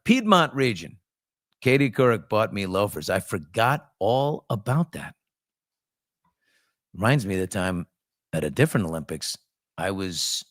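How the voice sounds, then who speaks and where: A man in his fifties hosting a chat show, telling stories animatedly and jumping up in pitch for emphasis. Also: fairly bright tone, dry recording, studio quality. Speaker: host. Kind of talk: casual chat show storytelling.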